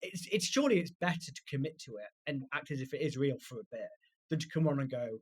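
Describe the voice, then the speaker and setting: A man co-hosting a comedy podcast, telling stories quickly in casual chat and laughing often. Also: fairly high pitch, very animated, breathy edge. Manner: quick anecdotal storytelling with frequent laughs.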